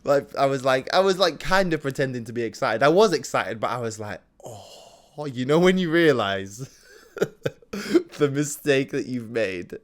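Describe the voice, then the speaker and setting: A man, telling a rambling, jokey personal story on his solo podcast, swinging from loud outbursts to mumbles. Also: medium pitch, expressive, normal speed. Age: 20s. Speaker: podcast host.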